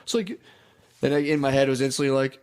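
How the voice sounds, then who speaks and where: A man co-hosting a podcast in casual chat, telling stories animatedly and acting out his younger self in whiny high voices. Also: fast, noisy background. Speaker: podcast co-host.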